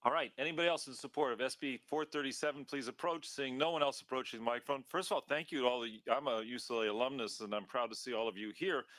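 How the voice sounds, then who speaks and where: Brisk man chairing a hearing. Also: mid-range voice, fairly bright tone, no room sound. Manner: brisk, procedural, dry humor. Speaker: committee chair. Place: legislative hearing room.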